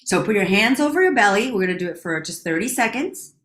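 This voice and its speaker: A woman leading a guided breathing exercise, counting breaths slowly and calmly, at times softening almost to a whisper. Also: medium pitch, echoey room. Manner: calm, slow counting of breaths, dropping to near whispers. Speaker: breathing instructor.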